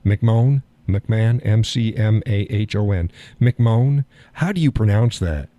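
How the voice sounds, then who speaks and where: A man's voice: lowish voice, animated, normal speed, warm tone. An older man hosting a live stream, talking in a folksy, sardonic way and chuckling often. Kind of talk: casual political chat.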